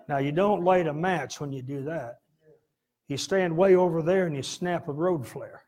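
Husky folksy preacher man. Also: a little high, normal speed. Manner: folksy, laughing, bursts into shouts. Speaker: pastor. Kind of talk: storytelling sermon.

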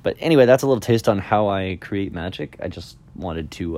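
Man, lowish voice, tired, yawning, rambling casual podcast talk. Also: expressive, a little fast, darkish tone. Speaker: magician podcaster.

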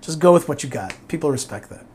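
A man raised in the US talking casually as an interview guest, animated and repeating himself as he restarts. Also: fast talker. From born in Israel, raised in the US. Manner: animated, repeats words and restarts, emphatic swings in pitch.

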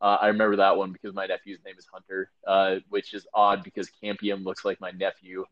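A man's voice: low voice, completely flat delivery, brisk, highs cut off. A man co-hosting a casual chat, rambling with many fillers and acting out quotes. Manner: rambling, lots of fillers and acted-out quotes, laughing. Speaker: podcast co-host.

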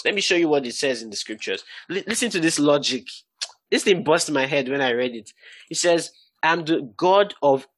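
Husky-voiced man teaching the Bible. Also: mid-range voice, no echo. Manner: lively, laughs often, stresses words for emphasis.

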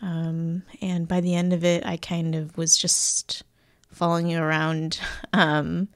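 A woman's voice: lowish voice, completely flat delivery, unhurried, no echo, clean studio sound. A woman chatting casually about a video game, hesitant, with many fillers. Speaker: co-host. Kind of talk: casual gaming chat.

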